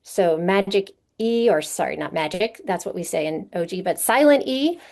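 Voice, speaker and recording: A woman's voice: lowish voice, expressive, moderate pace, vocal fry, darkish tone. A woman presenting a literacy workshop to teachers, explaining patiently and often checking in with a rhetorical question. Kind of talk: conference teaching session.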